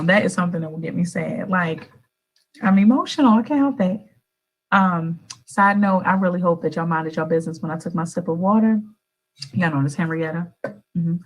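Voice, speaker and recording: A woman hosting a radio show, talking in a casual, motivational monologue straight to her listeners. She is animated and chatty, swoops up in pitch for emphasis and calls her audience "baby" and "y'all". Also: rough recording. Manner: addresses listeners directly and affectionately.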